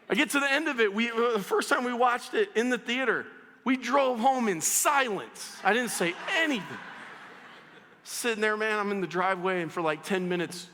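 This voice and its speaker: A man preaching a sermon as pastor, telling stories in an animated way and speaking straight to his congregation. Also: high voice, brisk. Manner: animated storytelling, addresses the audience directly. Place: church auditorium. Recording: church hall reverb.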